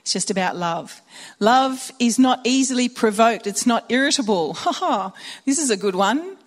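A woman giving an informal sermon to mothers, chatty and animated, telling stories with acted-out dialogue. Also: fairly high pitch, moderate pace. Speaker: speaker at a Christian women's or mothers' gathering. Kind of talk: informal sermon with personal anecdotes.

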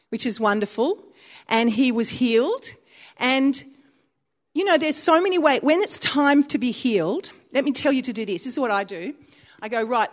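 A woman preaching a sermon in a church, in a fairly high voice. She tells stories with animated swings of pitch and often laughs. Her delivery is personal and conversational.

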